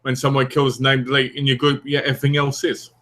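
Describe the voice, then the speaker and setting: A man's voice: medium pitch, flat delivery, fast, bright, forceful tone. A man chatting casually as co-host, playful and jokey while telling stories. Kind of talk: casual chat.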